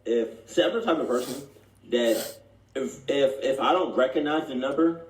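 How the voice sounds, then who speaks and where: Guy rambling along in a casual reaction chat, keeps restarting, echoey room. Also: mid-range voice. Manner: rambling, halting, restarts often. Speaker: reaction video co-host.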